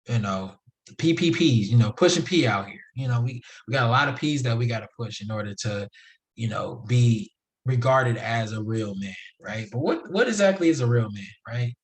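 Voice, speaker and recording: A young man hosting a solo podcast, talking casually in a slangy, emphatic, preachy way. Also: mid-range voice. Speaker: podcast host.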